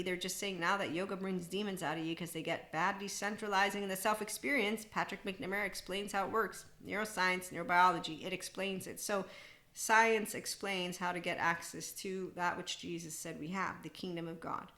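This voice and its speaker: A middle-aged woman hosts her podcast in a loose, rambling monologue. Her voice is bright and slightly low, and she gets animated, laughs often and slips into mocking voices for other people. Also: fairly quick. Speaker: podcast host. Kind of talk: casual spiritual monologue.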